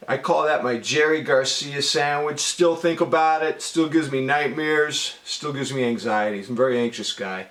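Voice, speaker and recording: A middle-aged man telling a story from his own life in a casual, animated way, often calling the listener "man.". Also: medium pitch, moderate pace, few pauses, roomy sound. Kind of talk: casual monologue.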